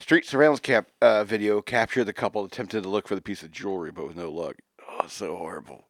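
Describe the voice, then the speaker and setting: A man's voice: fairly low pitch, animated, quick pace, no echo, studio quality. A man co-hosting a casual chat show, reading news stories aloud and joking between them. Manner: jokey, reads stories aloud with asides. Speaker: podcast co-host.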